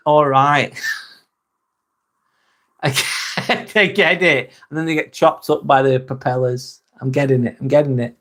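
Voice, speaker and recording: English guy rambling on a live stream, swears a lot, laughs at his own bad jokes, slightly high voice. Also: a little slow, long pauses, a bit bright. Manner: sweary, joking and self-mocking. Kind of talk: casual live-stream chat.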